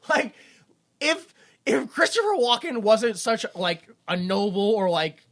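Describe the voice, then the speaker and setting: This podcast co-host's voice sits a little high, with big pitch swings, an unhurried pace and a fairly bright tone. In a loose, rambling film recap, she performs the characters' lines and laughs frequently.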